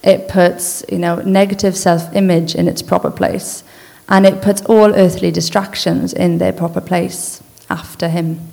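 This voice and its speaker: A woman giving an informal church talk, speaking earnestly in a conversational way and then reading a list slowly and deliberately. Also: fairly low pitch, little pitch movement, creaky, a little mellow. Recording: long hall reverb.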